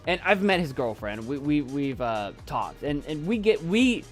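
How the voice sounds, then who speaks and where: A man chatting casually with viewers in a calm, soft voice, halting with many restarts as he chokes up. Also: a little high, soft background music. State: choking up. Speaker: YouTube creator and poet. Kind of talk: casual live chat with viewers.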